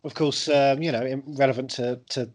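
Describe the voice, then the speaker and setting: A man co-hosting a podcast, chatting casually with jokes, swearing and quick impressions. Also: mid-range voice, steady tone, darkish tone. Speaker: podcast co-host. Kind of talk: casual chat.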